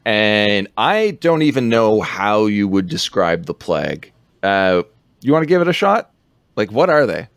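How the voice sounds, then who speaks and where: Low-voiced man recapping a movie. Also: big pitch swings, clear, resonant tone, no room sound. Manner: rambling, laughs often, quick bursts. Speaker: podcast co-host recapping a film. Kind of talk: casual chat.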